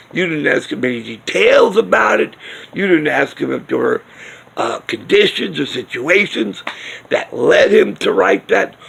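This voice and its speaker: A man's voice: high-pitched, creaky, fairly bright tone, slightly rough. A man ranting indignantly in a casual vlog, firing off rhetorical questions. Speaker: video blogger. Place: outdoors near a smoking area.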